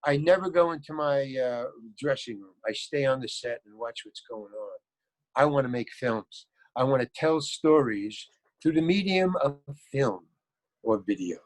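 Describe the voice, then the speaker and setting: A man's voice: mid-range voice, lively intonation, moderate pace, dry recording, poor audio. An older man, an actor, telling rambling anecdotes in a casual interview. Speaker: actor guest.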